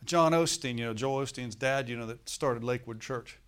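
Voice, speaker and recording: A man's voice: medium pitch, fairly quick, few pauses, a bit bright. A middle-aged man preaching a sermon as pastor, in a conversational way, putting rhetorical questions to his congregation.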